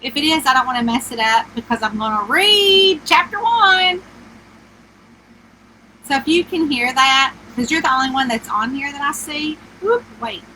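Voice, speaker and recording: A middle-aged woman with a high, squeaky, twangy voice, talking casually into her phone from a little camper. Her tone is sharp and bright, and she sits well up in the higher range. She chats loosely and greets each viewer by name. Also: animated, normal speed, slight background noise, low-quality recording. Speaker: author hosting a livestream. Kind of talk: casual live-stream chat. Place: inside a small camper with the air conditioner running.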